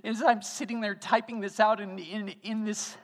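A man preaching as the pastor of a church, emotional and tearful, building to loud, fervent delivery. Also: high voice, flat delivery, normal speed. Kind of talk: sermon. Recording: long church hall reverb.

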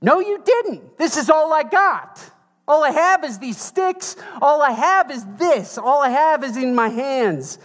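A man's voice: lively intonation, measured pace, a bit bright, in a large hall, full character voice. A man voicing an indignant, exasperated poor widow woman with a sassy, emphatic delivery. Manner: sassy, high-pitched, emphatic.

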